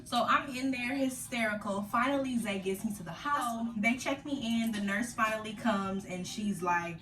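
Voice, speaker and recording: A young woman vlogger telling her story in casual slang, animated, acting out her own past cries. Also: a little high, moderate pace, echoey room, far from the mic.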